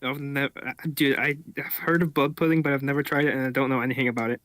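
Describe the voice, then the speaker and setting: A man from England speaks in an English accent blended with Northern Irish, quick and bright. He jokes defensively and swears casually in relaxed gaming chat, recorded dry and close. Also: mid-range voice, no room sound. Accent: English mixed with Northern Irish. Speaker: streamer.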